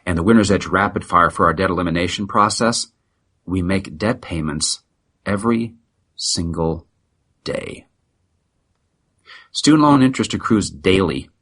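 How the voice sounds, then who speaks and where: A man's voice: low-pitched, unhurried, long pauses, fairly bright tone. A middle-aged man from the United States, a practice consultant giving a blunt, emphatic, preachy motivational sales talk as a guest.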